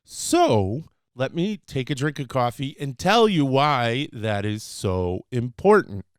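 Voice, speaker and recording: A man talks through his own podcast at an easy, unhurried pace, his voice smooth and clear. The sound is dry and close. He rambles casually with plenty of fillers, breaking now and then into sudden excited bursts. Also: mid-range voice, dry recording. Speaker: podcast host. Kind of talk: casual solo podcast, teaching phrases.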